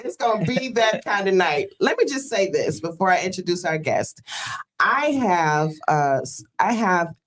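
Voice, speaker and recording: Host, woman from Detroit, fairly low voice, earnest storyteller, calls out praise. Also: big pitch swings, moderate pace. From Detroit, USA. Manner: earnest, storytelling, with frequent fillers; exclaims praise like a church greeting. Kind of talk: casual emotional talk-show hosting.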